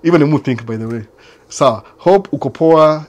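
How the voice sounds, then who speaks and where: A man's voice: on the high side, normal speed, a little mellow. A man from Kenya with a Kenyan accent, hosting a casual chat that answers viewers, mixing Swahili and English and often repeating his phrases. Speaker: host. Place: United States.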